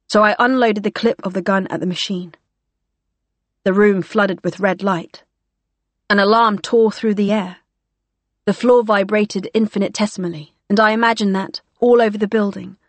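A woman's voice: mid-range voice, no room sound. A woman narrating a first-person novel, with a dry, wry storytelling manner. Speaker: audiobook narrator.

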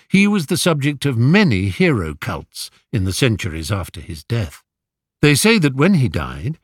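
A man narrates a story at an unhurried, deliberate pace. His delivery is expressive, with a melody that rises and falls widely. The recording is dry and close, with no room sound. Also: mid-range voice, no room sound. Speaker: audiobook narrator. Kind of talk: scripted narration.

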